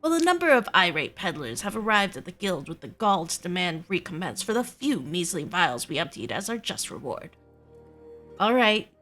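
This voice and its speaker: Woman reading a dramatic guild master in a game, mock-solemn, bright and swoopy, little bit of music behind. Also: fairly low pitch, sing-song, normal speed. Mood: wry. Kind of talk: reading game dialogue aloud.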